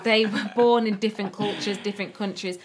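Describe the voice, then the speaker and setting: A crowd murmurs behind this woman as she co-hosts a podcast in casual, earnest, reflective conversation. She's from the English Midlands, speaking a little fast in a mid-range voice with a steady tone.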